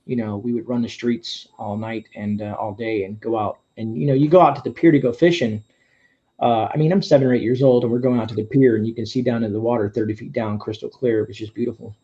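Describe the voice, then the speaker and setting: Rambling male host with a mellow voice. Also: mid-range voice, steady tone, fast talker. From Florida Keys. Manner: rambling, with many restarts and laughs. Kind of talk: casual live-stream interview. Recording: dull lo-fi stream audio.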